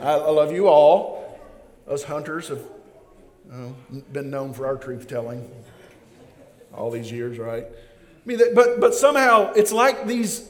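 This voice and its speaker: A man preaches in a high, animated voice, joking and acting out the scenes he describes. His sermon rings through a hall with a long reverb. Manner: lively, joking, acts out scenes.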